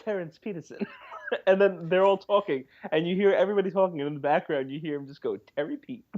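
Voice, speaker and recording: A man's voice: a little high, fairly even intonation, fast talker. Enthusiastic young man, muffled lo-fi recording. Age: 20s. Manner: enthusiastic, retells scenes with laughter. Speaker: podcast co-host. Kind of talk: casual comedy chat.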